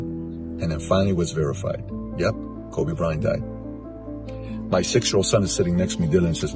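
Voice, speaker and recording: A man's voice: low voice, steady tone, a little fast. A man in his forties hosting, giving an emotional spoken tribute in an earnest, emphatic, repetitive way. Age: 40s. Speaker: host. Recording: music bed underneath.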